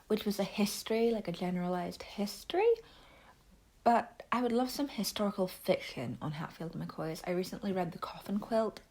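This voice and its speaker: A young woman giving a casual video review, chatty and enthusiastic, with breathy whispered asides. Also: mid-range voice, a little mellow. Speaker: book and TV reviewer.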